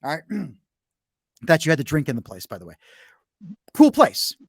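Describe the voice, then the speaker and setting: A man's voice: fairly high pitch, wildly swooping pitch, moderate pace, gravelly, husky, no room sound, clean studio sound. A brash middle-aged man hosting a podcast, telling a long story bluntly in casual chat. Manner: frequent restarts and fillers while telling a story. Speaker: podcast host.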